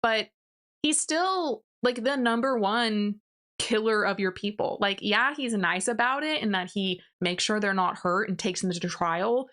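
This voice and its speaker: A woman's voice: medium pitch, measured pace, fairly bright tone. A young woman recapping and ranting about a novel in a casual, exasperated, sarcastic way, full of fillers. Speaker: book reviewer. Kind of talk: ranting book review recap.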